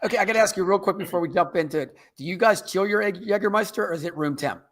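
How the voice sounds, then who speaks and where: A man hosts a live podcast in a slightly high voice. He is upbeat and jokey, and he leans on his words for emphasis. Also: rapid-fire. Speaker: podcast host. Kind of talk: casual podcast hosting.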